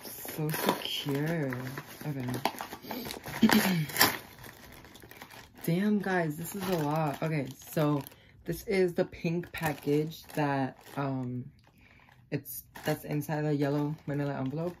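A young adult vlogger chatting through an unboxing, excitable and gushing, swearing freely and breaking into delighted squeals. The voice sits at a middling pitch. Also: unhurried, heavy background noise. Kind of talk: casual unboxing vlog.

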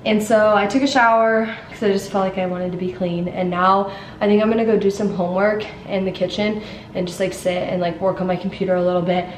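A woman's voice: mid-range voice, level tone, fairly quick, a little hiss or hum. A young woman in college chatting casually to the camera in a vlog, with lots of "like" fillers. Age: young adult. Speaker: vlogger. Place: at home and out on errands.

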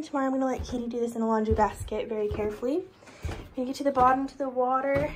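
A chatty woman in her thirties walks through her basement, talking on a handheld phone with a fairly high voice and an easy, casual manner. A faint room hum sits under her voice. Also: steady tone, brisk. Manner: chatty, laughs often, drops to a whisper in a spooky room. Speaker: vlogger giving a home tour. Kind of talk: casual walkthrough vlog. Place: rooms of a home basement.

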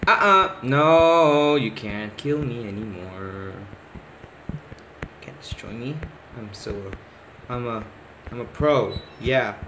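A man talks himself through a horror game at an unhurried pace, jumping from hushed muttering to sudden excited outbursts. He repeats words when flustered. A faint ambient hum sits behind his voice. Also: mid-range voice. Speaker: gamer. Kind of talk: let's play commentary.

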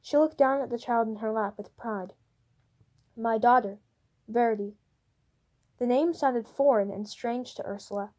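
A woman reading a novel chapter aloud in steady storybook narration. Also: fairly high pitch, moderate pace, few pauses. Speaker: audiobook reader.

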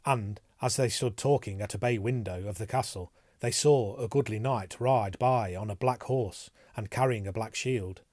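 A man's voice: fairly low pitch, no echo, studio quality. Man narrating an old-style audiobook. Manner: even, measured storytelling in archaic prose.

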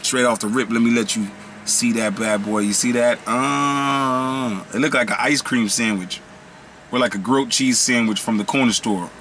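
A man's voice: medium pitch, steady tone, normal speed, fairly bright tone, a little hiss or hum. Slangy, playful snack-review guy. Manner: slangy, playful, riffs and rambles. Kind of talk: casual snack review vlog.

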